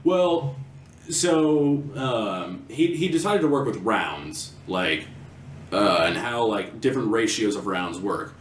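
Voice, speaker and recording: Young man, podcast co-host, halting with fillers, swears, distant from mic, echoey room. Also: lowish voice, animated, slight background noise. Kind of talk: casual chat.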